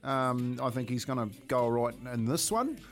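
A radio co-host, telling stories in an animated way during casual banter. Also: male voice, medium pitch, moderate pace, faint music behind.

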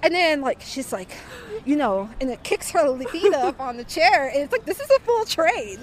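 Animated young woman telling a story. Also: sits high, moderate pace. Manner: animated, lots of fillers, acts out voices. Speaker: interviewee. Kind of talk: casual storytelling.

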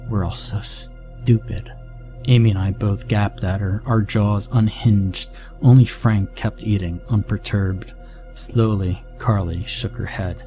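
A man narrating a horror story in a steady, dramatic storytelling manner, with music underneath. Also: fairly low pitch, measured pace.

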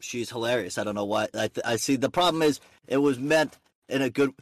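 A man's voice: medium pitch, a little fast, no echo. A young man hosting a podcast, chatting in a brash, teasing way and swearing freely. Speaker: podcast host. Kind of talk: casual chat.

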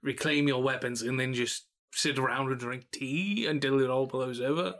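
A man's voice: mid-range voice, normal speed, fairly bright tone, close to an everyday voice. A man voicing a wary, tall quartermaster. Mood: skeptical.

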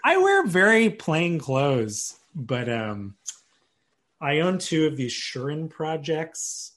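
Man, podcast guest, casual chat, animated pitch, laughs a lot, self-deprecating. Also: slow pace.

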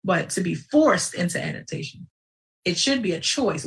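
A woman hosting a live show in casual livestream talk, animated and digressive, with sudden outbursts. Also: lowish voice, normal speed, vocal fry, distant mic, low-quality recording.

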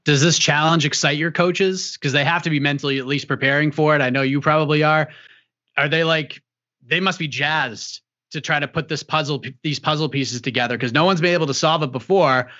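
Man interviewer, rambling questions, crisp tense tone, lo-fi sound. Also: fairly high pitch, fairly even intonation, a little fast, bright, forceful tone. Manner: chatty, long rambling questions.

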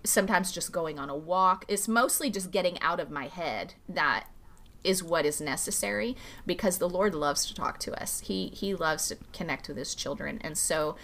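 A woman pastor talking casually about faith in a podcast interview, animated and full of "like" fillers, acting out quoted dialogue. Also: normal speed. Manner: animated, acts out quoted dialogue with big pitch jumps. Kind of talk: conversational faith teaching.

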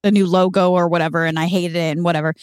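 A woman co-hosting a casual podcast chat, candid and expressive with quick reactions. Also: fairly low pitch, clear, resonant tone, no room sound. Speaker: podcast co-host.

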